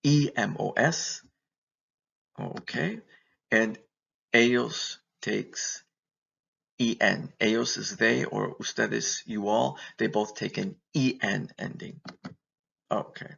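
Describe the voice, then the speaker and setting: A man's voice: on the low side, takes it slowly, vocal fry, pauses often, a bit bright, breathy edge, dull audio. A man teaching a Spanish verb lesson, patiently asking questions and answering them himself. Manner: patient, asks and answers his own questions. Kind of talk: recorded classroom lesson.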